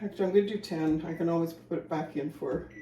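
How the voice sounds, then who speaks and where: A woman's voice: low voice, fast talker, reverberant, background noise. A woman casually chatting while she cooks at home, rambling and thinking aloud, a little out of breath. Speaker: home cooking vlogger. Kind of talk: casual kitchen chat. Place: home kitchen.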